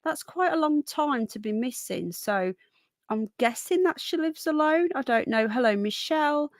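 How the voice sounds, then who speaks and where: A woman's voice: high voice, expressive, moderate pace, dry recording. A woman hosting a casual livestream, chatting and greeting viewers by name with a runny nose, a bit unwell. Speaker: livestream host. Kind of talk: casual live chat.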